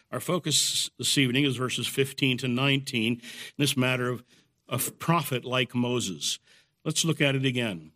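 A man giving a measured, explanatory Bible study lecture in the evening. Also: medium pitch, a bit bright. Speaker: Bible teacher.

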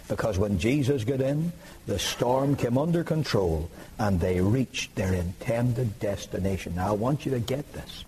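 A man preaching a sermon, emphatic and rising to impassioned high peaks. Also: expressive, normal speed, a little mellow, a little hiss or hum, low-quality recording.

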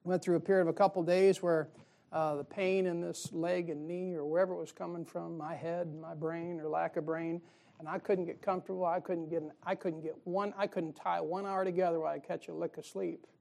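A man's voice: a little high, little pitch movement, brisk, gravelly, a little mellow. A male pastor preaching a sermon in a folksy way, firing rhetorical questions at his congregation.

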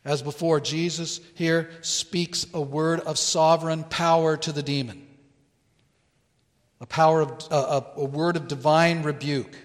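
A man preaching a sermon as pastor in a church, earnest and deliberate, pausing to stress key words. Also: on the high side, steady tone, in a large hall. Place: church sanctuary.

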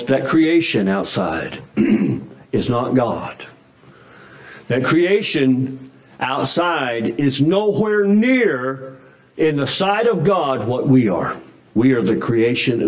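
A man's voice: medium pitch, low-quality recording. A man preaching a sermon in a folksy, emphatic way, with frequent restarts and chuckles. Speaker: pastor.

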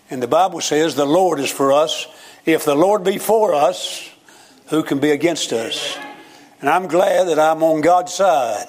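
A man's voice: medium pitch, moderate pace. An older male preacher delivering a sermon in a folksy, storytelling way. He tells homespun jokes and climbs to emphatic points. His voice sits in an ordinary middle range. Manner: folksy, joking storytelling with rising emphatic lines.

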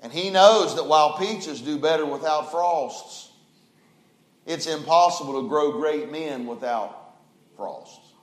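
A preacher voicing a gentle old preacher. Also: male voice, on the high side, takes it slowly, echoey room. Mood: tender. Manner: tender, soft. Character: gentle elderly male country preacher.

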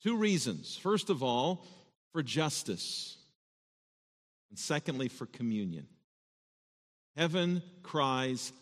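A man's voice: medium pitch, fairly bright tone. Man preaching in a reverberant church. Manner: earnest, emphatic, repeats words when stressing points. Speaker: pastor. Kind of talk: sermon with scripture reading. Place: church sanctuary. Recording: long reverb of a church hall.

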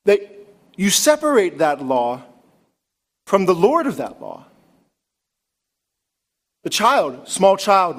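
A man preaching a sermon in an animated way, asking many rhetorical questions and rising to emphatic peaks. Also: sits high. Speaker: pastor.

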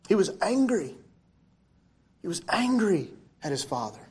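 A preacher of middle pitch works through a scripture passage in a sermon. The verses are read in a formal, old-fashioned phrasing, then explained with direct questions to the listeners. The delivery keeps shifting between loud emphasis and soft, hushed lines. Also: sing-song, measured pace, slightly rough.

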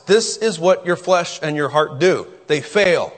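A man's voice: on the high side, expressive, unhurried, hardly any pauses, in a large hall. A man preaching a sermon as pastor, emphatic and full of rhetorical questions, often restarting his sentences.

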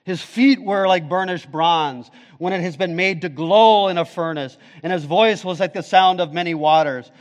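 A male pastor preaching a sermon, with dramatic swings from booming declarations to hushed, low phrases. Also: normal speed, hardly any pauses. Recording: long reverb of a large hall.

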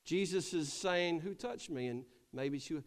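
High-voiced pastor preaching in a reverberant church. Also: male voice, measured pace. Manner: calls for amens, acts out voices. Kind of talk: sermon. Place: church sanctuary.

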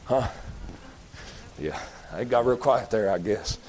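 A middle-aged Baptist preacher, preaching a folksy sermon that climbs into shouted emphasis. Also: male voice, mid-range voice, slow, a little hiss or hum.

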